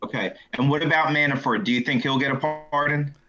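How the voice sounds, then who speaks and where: A man's voice: mid-range voice, quick pace, bright, forceful tone, soft background music. A man calling into a talk show, bluntly pressing the host for answers. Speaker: caller. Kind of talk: casual call-in questions. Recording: muffled call-in line.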